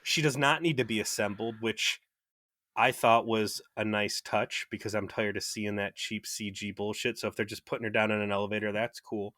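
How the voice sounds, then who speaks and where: A man's voice: lowish voice, steady tone, moderate pace, bright, forceful tone, no echo, studio quality. A young man co-hosting a podcast, recapping an episode in wry, casual chat and swearing freely. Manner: wry, swears freely, acts out quoted lines. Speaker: podcast co-host.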